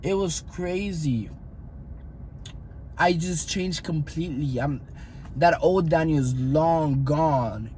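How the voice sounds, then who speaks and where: A man's voice: fairly high pitch, slow, long pauses, dark tone, a little hiss or hum. A young man telling his own faith story in an earnest, rambling way, often repeating himself. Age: young adult. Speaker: fitness coach vlogger. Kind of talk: personal faith testimony.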